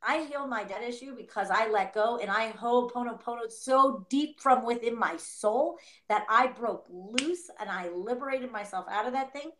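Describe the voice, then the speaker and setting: A woman co-hosting a tarot reading in a lively, casual way, slipping into playful inner voices as she talks. Her voice sits a little high. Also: moderate pace, few pauses. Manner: animated, acts out inner voices, laughs often. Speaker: tarot reader co-host. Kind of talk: casual spiritual reading chat.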